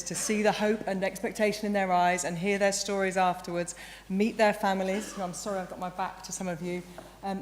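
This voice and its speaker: A woman in her forties, a university chancellor giving a graduation address, earnest and a little croaky, now and then correcting herself mid-sentence. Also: medium pitch. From England. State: croaky, emotional. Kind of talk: ceremonial speech. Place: large hall. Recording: reverberant hall, light background noise.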